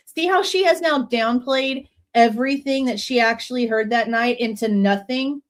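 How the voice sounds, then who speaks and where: A woman's voice: fairly high pitch, normal speed, hardly any pauses. A woman hosting a live true crime reaction show, reading court documents aloud and cutting in with blunt, mocking commentary.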